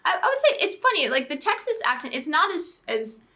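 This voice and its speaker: A woman's voice: sits high, sing-song, brisk, sharp tone. A woman realtor co-hosting a casual chat channel, chatty and often laughing.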